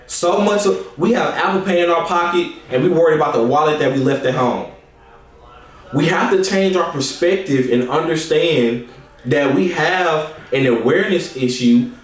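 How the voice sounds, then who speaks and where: A man giving a motivational talk to his viewers, telling a story and repeating himself to drive a point home, calling them y'all. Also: fairly high pitch. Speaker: real estate investor and presenter. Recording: echoey room, distant from the mic.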